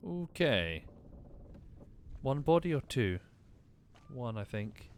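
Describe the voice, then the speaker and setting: A man's voice: mid-range voice, very animated, slow pace, a little hiss or hum. A man streaming a mystery game, casually thinking aloud, muttering and swearing now and then. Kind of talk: casual gameplay commentary.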